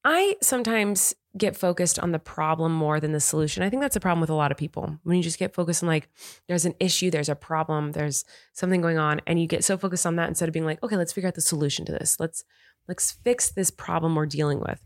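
A woman from California with a notably low voice, chatting with her partner on a podcast. She tells her story in a loose, giggly way. The sound is dry and close, with no room in it. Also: fast, no room sound. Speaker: podcast co-host. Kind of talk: casual chat.

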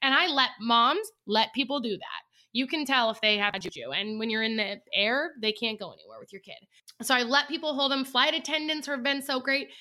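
A woman's voice: on the high side, fairly quick, pushed and bright. A young adult woman co-hosting a podcast, chatting casually and rambling, with the odd swear. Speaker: podcast co-host. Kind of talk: casual chat.

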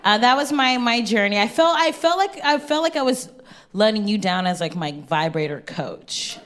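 A woman's voice: on the high side, animated, moderate pace. A woman co-hosting a comedy show, chatting casually and giggling, with many fillers. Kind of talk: casual chat.

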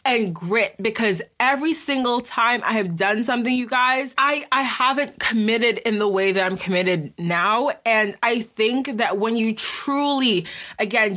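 A woman's voice: a little high, fairly bright tone. A woman hosting a podcast, talking to listeners in a casual, gushing and emotional way, with many "like"s and "you guys". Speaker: podcast host.

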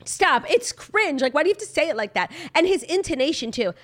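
A woman co-hosting a podcast, chatting about celebrity gossip in an animated, opinionated way and saying "like" a lot. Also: high-pitched, brisk. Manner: opinionated, animated, heavy use of "like". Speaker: podcast co-host. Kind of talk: casual celebrity gossip chat.

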